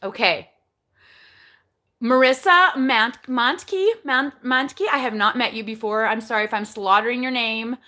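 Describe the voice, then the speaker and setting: A woman's voice: on the high side, measured pace, bright, forceful tone. A woman in her forties hosting a casual live chat, candid and chatty, often asking herself questions and answering them, then giving step-by-step coaching advice. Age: 40s. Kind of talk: casual live-stream talk.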